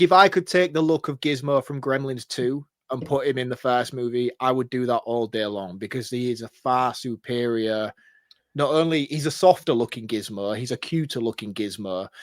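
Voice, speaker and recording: A man co-hosting a podcast, talking in loose, animated casual chat and breaking into laughter often. His voice sits at an ordinary middle pitch. The sound is dry and close, with no room in it. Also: normal speed, no echo. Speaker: podcast co-host.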